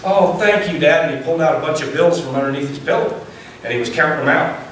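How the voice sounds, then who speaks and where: A man's voice: on the high side, fairly even intonation, fast talker, fairly bright tone. A man preaching a sermon to men about fatherhood, acting out the voices of a father and son as he tells stories. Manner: acts out dialogue in a story. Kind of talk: sermon storytelling. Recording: echoey room from far off, noisy.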